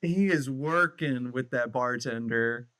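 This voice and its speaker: Animated man retelling movie scenes. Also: mid-range voice, slow, no echo, clean studio sound. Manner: animated retelling, acting out character lines. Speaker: podcast co-host. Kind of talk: casual movie discussion.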